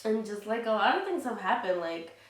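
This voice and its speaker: An outspoken woman talks straight to her viewers in a loose, unscripted vlog, blunt and fired up, with the odd curse. Her voice sits at an ordinary middle pitch. It sounds roomy, as if she sits back from the mic. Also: big pitch swings, fairly quick, distant mic. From Latina heritage. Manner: frank and heated, swears freely, many fillers like "you know". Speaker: vlogger. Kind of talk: casual candid vlog talk.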